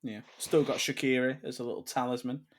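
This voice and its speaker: Here a young male podcast co-host trades casual banter about football at a medium pitch and a slightly fast clip, with a little background noise. He gets animated, swearing and ranting loudly once something riles him.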